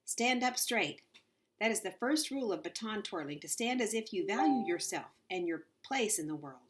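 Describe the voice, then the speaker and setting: A woman's voice: medium pitch, expressive, normal speed, background noise, natural voice. A woman voicing a strict, bossy female baton teacher in a read-aloud storybook, barking commands. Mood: stern. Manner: commanding, shouting orders.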